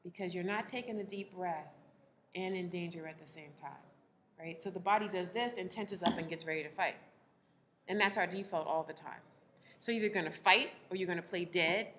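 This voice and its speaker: A woman relationship coach speaking to a live audience, animated, laughing often and acting out the people she quotes. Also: lowish voice, brisk, a little hiss or hum.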